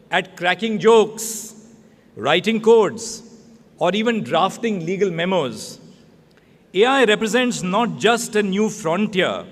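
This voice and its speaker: A man giving a formal prepared speech in measured, deliberate phrases. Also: high-pitched, fairly bright tone, big-room sound.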